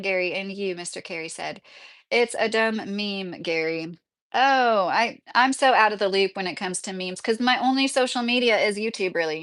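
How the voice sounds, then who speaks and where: A woman's voice: on the high side, fairly bright tone. Chatty woman hosting a livestream. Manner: chatty, laughs often, reads chat aloud. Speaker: YouTube livestream host. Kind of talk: casual livestream chat reading comments.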